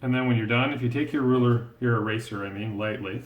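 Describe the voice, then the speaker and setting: In a fast, medium-pitched voice with lo-fi sound and a roomy echo, a man teaches drawing step by step. Patient and encouraging, he thinks aloud and narrates every stroke as he draws.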